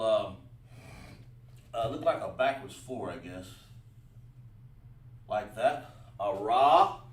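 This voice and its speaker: Man, teacher, livestream class, thinks aloud while writing, echoey room, distant mic. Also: medium pitch. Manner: talks while writing on a board, many fillers and restarts. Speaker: Hebrew teacher. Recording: roomy echo, mic at a distance.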